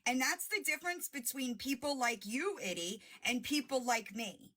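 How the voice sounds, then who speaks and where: A woman's voice: medium pitch, a little slow, a bit bright. A woman hosting a livestream, confronting someone in a heated, profane, mocking rant. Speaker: livestream host.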